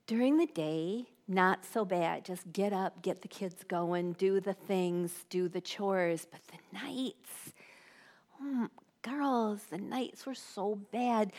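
A woman in her forties giving a sermon to a live audience, bubbly and animated, dropping to hushed tones. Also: medium pitch. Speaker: women's ministry speaker.

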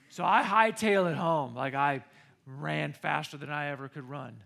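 A middle-aged American man preaching a sermon, telling a personal story with animated, excited bursts. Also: fairly high pitch, moderate pace, vocal fry. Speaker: pastor.

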